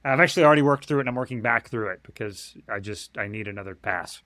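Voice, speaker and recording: Eager fast-talking man, dry close sound. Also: medium pitch, bright, forceful tone, no echo. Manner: enthusiastic, talks fast in bursts with many fillers. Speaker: Greek teacher and founder. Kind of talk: casual interview chat.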